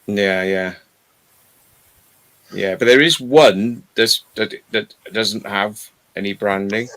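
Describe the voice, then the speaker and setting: A man's voice: lowish voice, slow, a bit bright. A man in casual chat, telling rambling stories and swearing freely.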